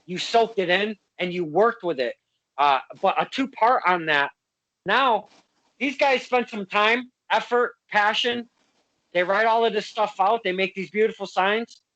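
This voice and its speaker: High-voiced teasing male host, dry sound. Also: sharp tone, no room sound, poor audio. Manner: joking, teasing, with fillers. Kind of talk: casual podcast hosting.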